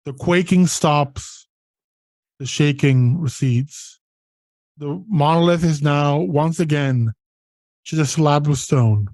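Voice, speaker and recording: A man narrating a tabletop role-playing game as game master, setting scenes in a deliberate way. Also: on the high side, darkish tone, no room sound.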